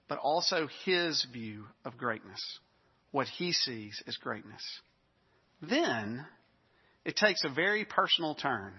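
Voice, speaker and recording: A man's voice: fairly high pitch, breathy edge, long reverb tail, lo-fi sound. A man preaching a sermon in a conversational way, with self-deprecating asides.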